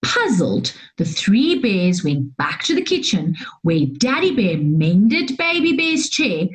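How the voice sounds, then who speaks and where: Female storyteller for young kids, slow and animated, with gasps and sighs. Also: mid-range voice, poor audio. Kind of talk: expressive children's story reading.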